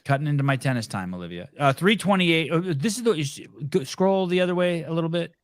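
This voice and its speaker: Man co-host: mid pitch, dry close mic, loose and profane. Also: lively intonation, fast, dry recording. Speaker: podcast co-host. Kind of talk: casual podcast banter.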